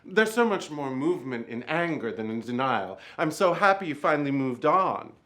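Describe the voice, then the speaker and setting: A man's voice: on the high side, big pitch swings, normal speed, fairly bright tone. A man voicing a flamboyant, theatrical male djinn spirit with a grandiose, teasing delivery. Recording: roomy echo.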